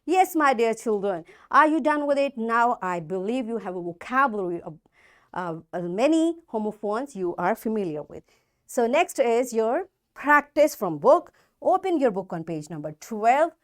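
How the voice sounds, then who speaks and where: A woman teacher with a fairly high voice leads a school lesson, spelling words letter by letter. Her pitch swings widely as she stresses each example. She talks deliberately, repeating points for young pupils. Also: sing-song. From Pakistan. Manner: slow, emphatic spelling out of words. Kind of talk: classroom lesson.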